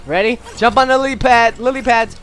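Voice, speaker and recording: Man, thirties, let's-play commentary, animated, sudden shouts, game music behind. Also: very high-pitched, brisk. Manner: animated, yelps and shouts at setbacks. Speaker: gameplay video host, dad.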